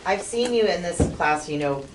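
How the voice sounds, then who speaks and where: Deep-voiced woman, earnest, roomy distance. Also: lively intonation, normal speed, noisy background. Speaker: comedy class student. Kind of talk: workshop feedback. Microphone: far room mic. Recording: roomy distant room recording.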